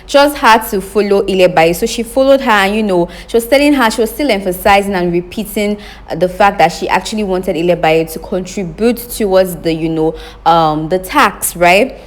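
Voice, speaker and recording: A young woman giving an opinionated recap of a reality show, emphatic and animated, talking straight to her viewers. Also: mid-range voice, moderate pace. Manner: animated, emphatic, addresses viewers as guys, repeats questions for effect. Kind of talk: casual opinionated commentary.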